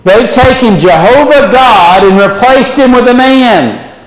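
A man preaching a sermon, swinging from loud emphatic questions to low, quiet warnings. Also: lively intonation, measured pace, reverberant, in a large hall, poor audio.

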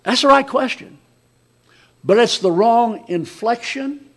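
A man preaches a sermon in a high voice. He talks in a loose, conversational way, often stumbling and restarting. His delivery swings from loud emphatic lines to quiet asides. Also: expressive, takes it slowly.

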